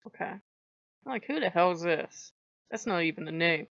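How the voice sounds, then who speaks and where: A woman's voice: fairly low pitch, expressive, moderate pace, creaky, fairly bright tone, no echo. Raw teary woman vlogging, swears, laughs it off, muffled dry home mic. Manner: candid and emotional, swears freely, laughs through it. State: after crying. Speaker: channel host. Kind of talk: casual personal vlog.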